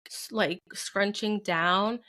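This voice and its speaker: Candid young mom chatting, lots of "like". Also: female voice, mid-range voice, fairly even intonation, slow, sharp tone. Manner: candid, heartfelt, heavy use of "like". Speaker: podcast co-host, mother. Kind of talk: casual chat.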